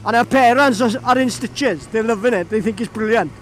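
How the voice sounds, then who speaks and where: A man's voice: very high-pitched, fairly quick, a little hiss or hum. A young Welsh man with a Welsh accent, chatty and laughing as he tells a story casually, outdoors by a road. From Wales. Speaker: vlogger. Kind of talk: casual anecdote.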